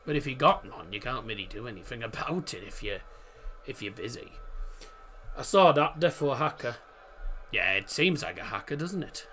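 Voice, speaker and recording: A man hosts a live football watchalong stream, chatting casually and ramblingly about the match while cracking corny self-deprecating jokes. His voice is medium-pitched, animated and sharp, at a moderate pace, with soft music in the background.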